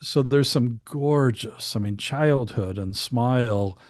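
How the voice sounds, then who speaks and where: A man's voice: medium pitch, slow, no room sound. Older man telling studio stories. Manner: anecdotal, relaxed, rambling storyteller. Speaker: guest, studio engineer. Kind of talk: casual storytelling interview.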